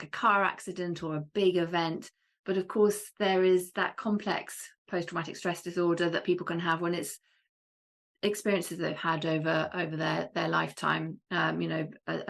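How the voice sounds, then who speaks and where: A woman's voice: low voice, vocal fry. A woman hosting a podcast interview, reflecting on the topic and asking thoughtful questions. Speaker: podcast host. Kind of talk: interview conversation.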